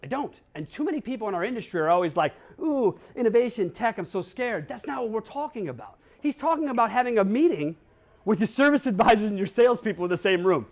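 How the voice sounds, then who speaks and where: High-pitched guy from wisconsin giving a keynote, blunt, jokey, swears a bit. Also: very animated, fast. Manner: blunt, swears, jokes with audience. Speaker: conference speaker. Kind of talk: keynote talk. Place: conference hall.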